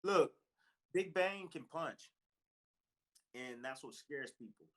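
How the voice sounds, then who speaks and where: A man's voice: a little high, takes it slowly, poor audio. A man in his forties, a former fighter turned boxing analyst, telling stories in a casual interview and acting out the dialogue. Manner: animated, acts out quoted dialogue.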